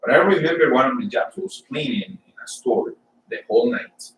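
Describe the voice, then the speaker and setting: A man from Colombia, giving an informal sermon and personal testimony for a church service, halting and often repeating words as he tells his story. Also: fairly high pitch, fairly bright tone, roomy sound, recorded from a distance, a little hiss or hum, rough recording. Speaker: church speaker.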